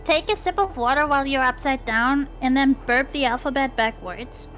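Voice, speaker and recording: A woman's voice: high voice, normal speed, fairly bright tone, faint music behind. A woman playing in an online tabletop game who jokes and teases the game master. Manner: joking, playful teasing. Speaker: player. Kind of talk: casual chat over a tabletop game.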